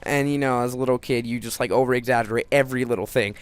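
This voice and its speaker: Teen male storyteller, mid-pitched and smooth, rambles with lots of "like" and restarts. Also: steady tone, quick pace. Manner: rambling, many restarts and "like" fillers. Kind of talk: casual personal storytelling.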